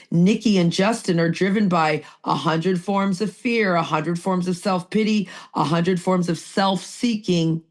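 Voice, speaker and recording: A woman hosts a recovery podcast in an earnest, preachy way. She reads passages and comments on them, often lecturing herself. She slows down and stretches certain words to stress them. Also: lowish voice, darkish tone. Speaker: podcast co-host.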